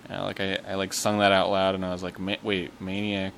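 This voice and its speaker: A man's voice: sits low, monotone, fast, vocal fry, a bit bright, slight background noise. A man hosting a casual livestream, talking playfully and rambling with a chuckle, into a desk mic. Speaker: livestream host.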